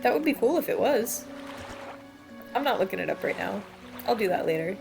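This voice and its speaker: A woman's voice: mid-range voice, expressive, fairly quick, gravelly, music in the background. A woman streaming a video game, reading the in-game descriptions aloud and then reacting to them with laughs and disgust. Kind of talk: let's play, reading game text aloud.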